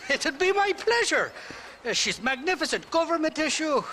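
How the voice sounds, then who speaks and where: A blustering Irish drunk. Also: male voice, very high voice, sing-song, moderate pace, pushed and bright, a little hiss or hum, full character voice. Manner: rambling, wheedling, colourful. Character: boastful, crude Irish drunk gun dealer. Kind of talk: video game cutscene acting. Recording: game audio with outdoor ambience.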